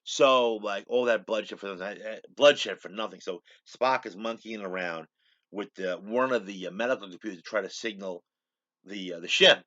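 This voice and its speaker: A man's voice: fairly low pitch, normal speed, bright, forceful tone, dull audio. A man hosting his own show, retelling a TV episode in a rambling casual way and repeating "he goes" a lot. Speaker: show host.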